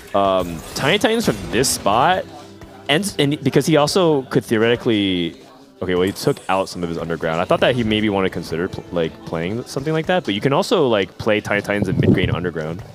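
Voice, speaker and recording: Animated male esports caster. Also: lowish voice, faint music behind. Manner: chatty, animated, quick asides. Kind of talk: casual live esports commentary.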